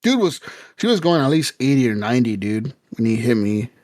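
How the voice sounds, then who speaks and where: A man's voice: mid-range voice, sing-song, a little fast, a little mellow, no echo, studio quality. A man co-hosting a podcast, telling a story casually with lots of swearing and laughter, acting out quotes. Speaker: podcast co-host.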